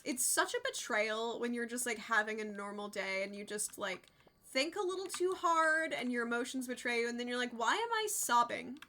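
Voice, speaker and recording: A young adult woman streaming a game and chatting casually, expressive and quick to swear. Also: fairly high pitch, a little hiss or hum. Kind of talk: casual livestream chat while gaming.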